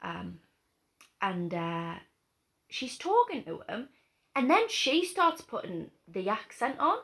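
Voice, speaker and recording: A young woman with a Geordie accent from the North East of England, chatting and telling lively stories on a podcast. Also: fairly high pitch, slow pace, creaky. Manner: animated storytelling with put-on voices and laughter. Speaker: podcast co-host. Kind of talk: casual chat.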